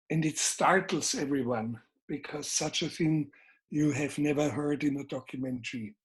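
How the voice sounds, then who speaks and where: An older man with a Bavarian German accent, a filmmaker guest in an interview, speaking in measured, deliberate, emphatic phrases. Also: medium pitch. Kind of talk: interview conversation.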